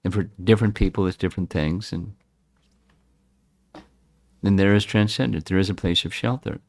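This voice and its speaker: Man in his 70s, low pitch, dry sound; reflective devotional lecturer. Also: fairly even intonation, moderate pace, a little mellow, no echo. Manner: reflective, repeats and restarts words. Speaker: scripture class speaker. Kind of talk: devotional scripture talk.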